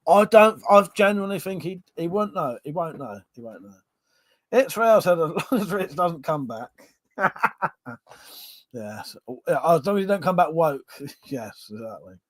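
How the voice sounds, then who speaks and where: An English man from Buckinghamshire with a fairly high voice hosts a relaxed late-night livestream, having a drink as he reads viewers' messages aloud, speaking a little slowly. He responds with jokes, laughter and easy swearing, repeatedly voicing agreement. The recording is dry and close.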